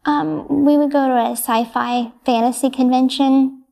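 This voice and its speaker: Soft-spoken hesitant young woman, gravelly. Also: high-pitched, steady tone, measured pace, soft background music. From United States. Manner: soft, hesitant, brief answers with many ums. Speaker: interviewee. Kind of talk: answering interview questions.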